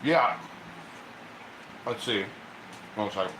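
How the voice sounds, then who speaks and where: A man's voice: on the low side, slow pace, roomy sound, background noise. A man from Ohio hosting a casual cooking livestream from his home kitchen, rambling and chatting with viewers as he reads their comments.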